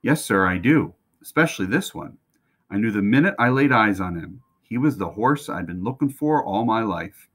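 A man voicing an eager, polite young stable boy in a read-aloud storybook, speaking earnestly with a gentle drawl. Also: lowish voice, animated, normal speed.

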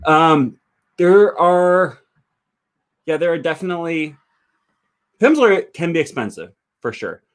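A man's voice: a little high, expressive, takes it slowly, long pauses. A man who teaches languages, talking casually on a livestream and answering viewer comments, thinking aloud with frequent fillers. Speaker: language teacher and channel host.

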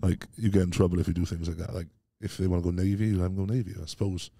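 A man with a very deep, mellow voice talks quickly and casually as a podcast guest. He laughs easily and keeps calling the host "mate". The sound is dry and close. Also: fairly even intonation, no echo. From Wales. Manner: chatty, laughs often, says "mate" a lot. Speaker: guest, strongman and former soldier. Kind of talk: casual interview chat.

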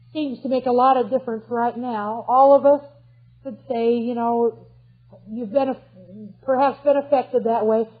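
A woman's voice: high-pitched, husky. A woman preaching a sermon in an earnest, emphatic way, putting direct questions to her listeners. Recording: tinny phone-like recording.

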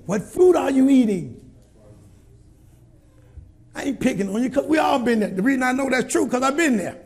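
A man preaching a sermon as pastor, in a folksy, colloquial way, calling out to the congregation and rising to shouts. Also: very high voice.

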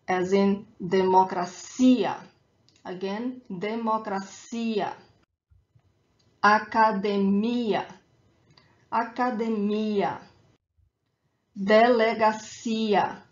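A Brazilian woman with a Brazilian Portuguese accent, teaching a pronunciation lesson and saying each word slowly and deliberately so listeners can repeat. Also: mid-range voice, echoey room, dull audio. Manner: slow, deliberate modeling of words for repetition. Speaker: language teacher.

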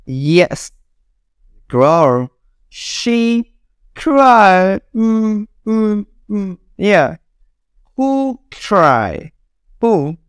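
Here a young woman teaches children English vocabulary by drilling, saying every word twice over and laughing between examples. She speaks at a medium pitch, very animated, drawing out words and pausing often. Her tone is clear and resonant, captured as a dry, clean studio recording.

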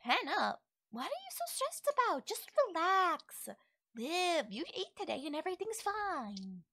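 A woman's voice: very high-pitched, wildly swooping pitch, measured pace, pushed and bright, dry recording, clean studio sound, heavily acted. A voice actress playing a curious, naive young wolf-girl in an ASMR audio role-play, full of innocent questions. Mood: soft, wondering.

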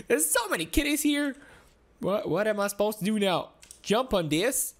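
A woman giving excitable, giggly commentary while playing through a game, with frequent exclamations. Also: mid-range voice, moderate pace. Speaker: gaming video host. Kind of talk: playthrough commentary.

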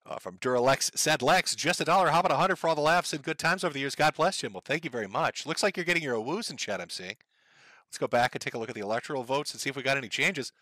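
A man's voice: mid-range voice, expressive, quick pace, sharp tone, no room sound. A man ranting profanely and sardonically on a casual live stream, reading out viewer donations from his home computer setup on a close desk mic.

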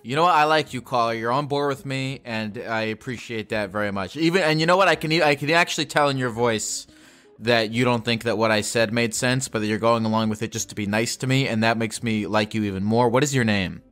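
A young man hosting a call-in podcast, rambling and self-mocking, his voice jumping up when he gets excited. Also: mid-range voice, fairly quick, faint music behind. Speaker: podcast host taking calls. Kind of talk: casual call-in chat.

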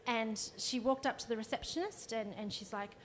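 A woman's voice: a little high, brisk, a little hiss or hum. A woman, a counsellor giving a conversational workshop talk and demonstrating as she explains. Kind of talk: live presentation to an audience.

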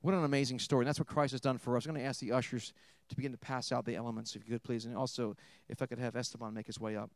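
A man preaching a sermon in a mid-pitched voice. He tells a story in a quiet, intimate tone, then rises to emphatic points. The sound is dry and close. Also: flat delivery, very fast, dry recording. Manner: storytelling, swings between hushed and emphatic. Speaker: pastor.

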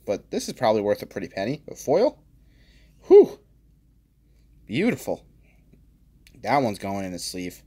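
Here a man hosts his channel and rips open card packs, bantering, reading the card names out loud, and exclaiming in excited bursts. His voice is lowish and slightly rough, and he talks a little fast.

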